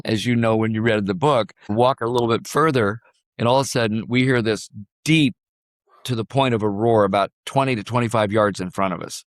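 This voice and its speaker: An older man from Illinois, a podcast guest telling a story in an unhurried way and acting out the lines of the people in it. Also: fairly low pitch, no room sound, studio quality. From Illinois, USA. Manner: vivid, unhurried storyteller who acts out quoted dialogue. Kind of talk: storytelling in a conversation.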